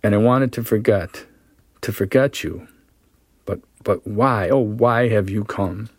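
A man's voice: lowish voice, a little slow, no room sound, studio quality. A man reading a story aloud, voicing a frightened young woman in love who pleads with her lover breathlessly. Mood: anguished. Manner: breathless, imploring, rising to cries.

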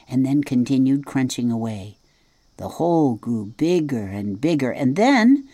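A woman narrating a children's audiobook in an expressive storytelling manner, dropping soft at asides. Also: a bass voice, no echo. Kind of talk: scripted narration.

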